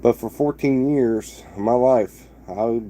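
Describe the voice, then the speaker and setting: A man's voice: mid-range voice, takes it slowly, mellow, a little hiss or hum. A man in his thirties from Texas, chatting to camera in a loose, rambling way with many restarts. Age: 30s. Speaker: vlogger. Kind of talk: casual rambling chat to camera.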